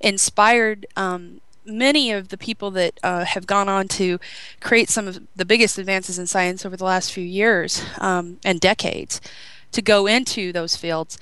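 Woman radio host, chatty and bubbly, smooth clear voice, dry close sound; casual, filler-heavy talk. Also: mid-range voice, fairly even intonation, a little slow, fairly bright tone, dry recording, rough recording. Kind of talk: casual podcast chat.

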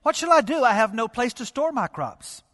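A man's voice: extremely high pitch, sing-song, moderate pace, a bit bright, big-room sound, exaggerated voice. A male preacher voicing a smug rich farmer who plans aloud in a self-satisfied way, read from scripture.

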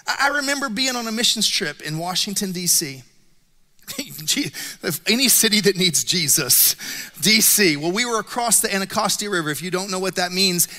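A middle-aged male pastor giving a sermon, telling stories with lively self-mocking humor. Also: a little high. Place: church auditorium. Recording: long reverb of a church hall.

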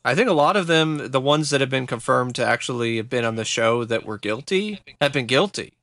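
A man co-hosting a podcast, chatting casually in a measured, hesitant way. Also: mid-range voice, animated, a bit bright, no echo, studio quality. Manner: hesitant, lots of uh fillers, measured. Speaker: podcast co-host. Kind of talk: casual chat.

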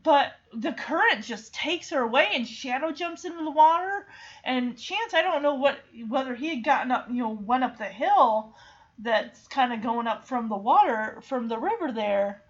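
A woman's voice: sits high, animated, normal speed, lo-fi sound. A woman in casual chat retelling a film, chatty and emotional with many fillers.

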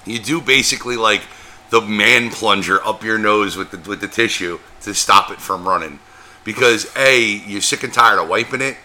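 A man's voice: lowish voice, moderate pace, pushed and bright, slight background noise. A man co-hosting a podcast in casual chat, crude and joking, swearing freely. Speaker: podcast co-host.

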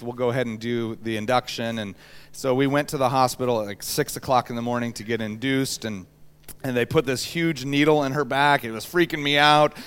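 A man in his thirties preaching a sermon, telling a personal story with lively acted-out voices. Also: medium pitch, clear, resonant tone. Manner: animated storyteller, acts out voices. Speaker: pastor.

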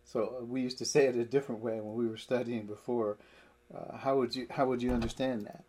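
A man's voice: medium pitch, fairly even intonation, a little fast, a little mellow, slight background noise. A man teaching a Bible study, explaining verses emphatically with everyday examples.

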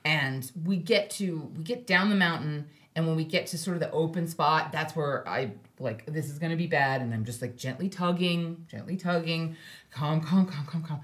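A woman telling a story as a podcast guest in casual chat, animated and laughing often. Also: low voice, moderate pace, hardly any pauses.

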